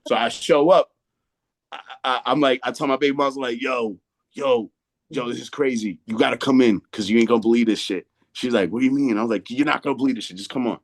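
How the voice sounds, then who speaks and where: A man's voice: medium pitch, steady tone, quick pace. A man in his thirties from Massachusetts, a hip-hop artist talking casually as a guest in an interview, telling stories full of slang and restarts. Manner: storytelling with slang, many restarts.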